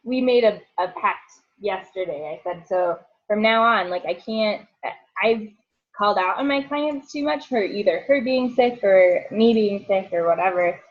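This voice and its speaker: A woman's voice: mid-range voice, moderate pace. Chatty woman on a lo-fi call. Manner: chatty, rambling, many likes and ums, laughs often. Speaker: therapist. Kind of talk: casual group chat.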